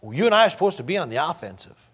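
A man preaching a sermon in a church, reading scripture slowly and swinging between loud emphasis and quiet asides. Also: fairly high pitch, big pitch swings, breathy edge. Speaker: pastor.

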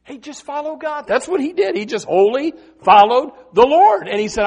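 A man preaching a sermon in a folksy, animated way, swinging between loud and soft and saying amen often. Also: a little fast, few pauses. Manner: folksy, animated preaching with big swings in pitch and loudness, frequent amens.

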